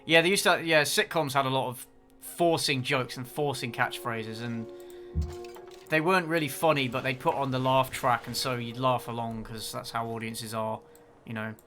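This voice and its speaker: Bright-voiced man streaming with wry asides. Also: mid-range voice, steady tone, moderate pace, faint music behind. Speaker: game streamer. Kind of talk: casual stream chat. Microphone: desk mic with facecam.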